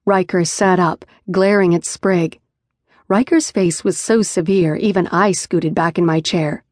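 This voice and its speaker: A woman narrating a first-person audiobook in a measured, even storytelling manner. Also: fairly low pitch, no room sound, clean studio sound. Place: studio booth. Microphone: close studio mic.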